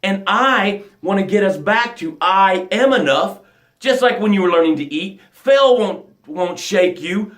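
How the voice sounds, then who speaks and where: A man giving a motivational talk as a coach, emphatic, swinging from loud bursts to hushed lines. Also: high voice, expressive, unhurried, roomy sound.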